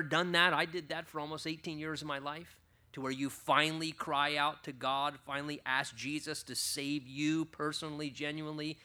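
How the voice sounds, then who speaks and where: A man preaching a sermon as pastor, conversational and animated, acting out quoted prayers and dialogue. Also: a little high.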